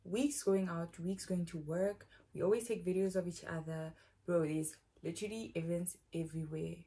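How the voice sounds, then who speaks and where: A woman's voice: on the low side, steady tone, moderate pace, dark tone. Rambling young South African woman. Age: young adult. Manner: rambling, slangy, says "bro" often. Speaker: YouTuber. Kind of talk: casual storytime.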